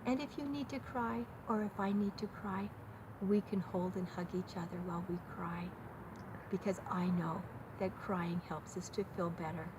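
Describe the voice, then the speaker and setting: An older woman hosting a gentle talk to her grandchildren, speaking tenderly in simple words for small children. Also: mid-range voice, moderate pace. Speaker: host. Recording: steady background noise.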